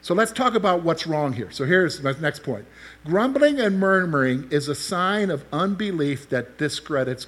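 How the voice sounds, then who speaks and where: A man's voice: a little high, fairly bright tone. A man preaching a sermon, explaining scripture and asking the listeners questions as he teaches. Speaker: pastor.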